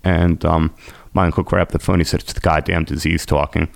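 Man, podcast guest, emotional storytelling, very low voice, gravelly. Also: flat delivery, brisk, no room sound. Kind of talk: personal recovery story.

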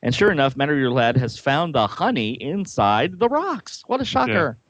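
A man's voice: mid-range voice, big pitch swings, normal speed, a bit bright. Man reading a comic aloud, laughing. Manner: reads comic dialogue aloud with joking asides, laughs often. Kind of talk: casual chat and reading aloud.

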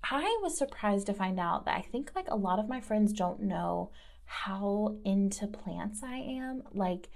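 A woman's voice: medium pitch, animated, unhurried, gravelly, darkish tone. A woman in her thirties from the American South, hosting in a casual, rambling chat style with many fillers. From Southern United States. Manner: chatty and rambling, lots of "like". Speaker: host.

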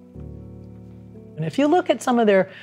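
A woman's voice: a little high, very animated, slow, faint music behind. A middle-aged woman in a documentary interview, telling family stories and acting out the quoted dialogue. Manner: warm storytelling, acts out quoted dialogue. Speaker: interviewee, daughter.

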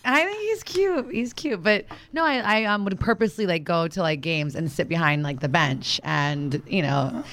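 A woman's voice: lowish voice, lively intonation, moderate pace, few pauses, fairly bright tone, slight background noise. A woman guest chatting casually on a podcast, with lots of "like" fillers. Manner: chatty, uses "like" a lot. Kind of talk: casual chat.

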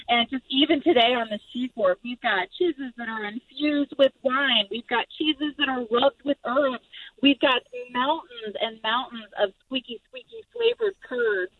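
A woman from the US East Coast, a marketing executive, interviewed on the radio by phone, bright and enthusiastic. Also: fairly high pitch, dry recording. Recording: tinny phone line.

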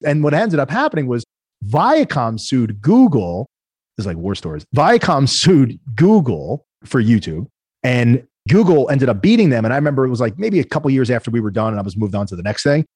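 Fast-talking husky man telling stories. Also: medium pitch, dry recording. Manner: fast, animated storytelling, acting out quoted people. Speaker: podcast guest, entrepreneur. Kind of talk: casual storytelling interview.

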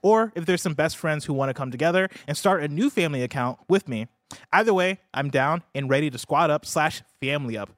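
A man's voice: a little high, animated, brisk, no echo, studio quality. Upbeat American man hosting a gaming show. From United States. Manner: upbeat, laughs easily, trips over words. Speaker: podcast host. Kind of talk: casual gaming news chat.

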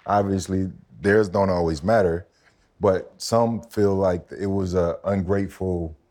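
A man co-hosting a podcast, talking in relaxed slang and giving short replies. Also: sits low, unhurried. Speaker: podcast host. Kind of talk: casual chat.

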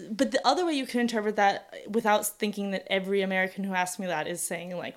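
A woman's voice: medium pitch, fast talker, hardly any pauses. A young woman co-hosting a casual conversation, chatty and thinking aloud with plenty of fillers. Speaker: podcast co-host.

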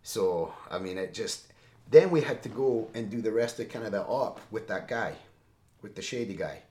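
Middle-aged ex-Marine guest, very low voice, animated storyteller, roomy echo. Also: male voice, moderate pace. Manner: animated, seeks agreement with frequent "right?". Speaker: podcast guest, former Marine. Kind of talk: conversational war storytelling.

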